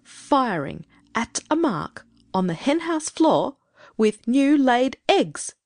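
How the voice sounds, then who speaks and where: A woman voicing a stern, irritable grown woman in an audiobook, speaking in a brisk, firm, scolding way. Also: medium pitch, very animated, no echo, studio quality. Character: stern, irritable grown woman who sets strict rules. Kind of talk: audiobook character reading.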